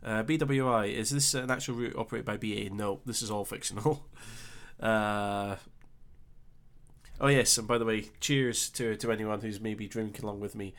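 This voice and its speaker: Easygoing Scottish man streaming, low voice. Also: steady tone, fairly bright tone. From Scotland. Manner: chatty and easygoing, thinking aloud with filler pauses. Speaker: live-stream host. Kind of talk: casual live-stream chat, reading out viewer comments.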